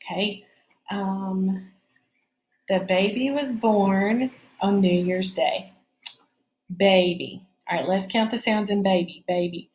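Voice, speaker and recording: A woman's voice: medium pitch, steady tone, takes it slowly, pauses often, a little mellow. Middle-aged woman teacher, patient and encouraging, recorded phonics lesson from her home kitchen. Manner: patient, checks in with students often.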